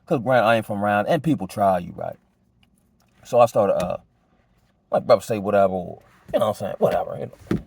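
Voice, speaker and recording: Laid-back low-voiced man musing. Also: expressive, a little fast, gravelly, long pauses, a little mellow, a little hiss or hum. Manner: laid-back, slang-heavy, full of "you know what I'm saying"; reflective and earnest. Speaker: vlogger sharing life advice. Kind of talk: casual motivational monologue.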